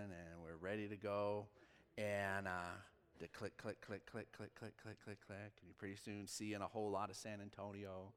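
Pastor preaching in a reverberant hall. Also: male voice, a little high. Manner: storytelling, animated with quoted dialogue and sudden drops to quiet. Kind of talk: sermon. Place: church sanctuary. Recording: long reverb of a large church hall.

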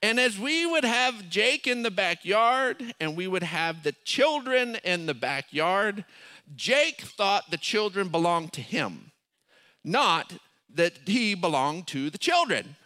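A middle-aged male pastor telling a story in a sermon, acting out quotes and rising to shouted peaks. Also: sits high, big pitch swings, slow pace.

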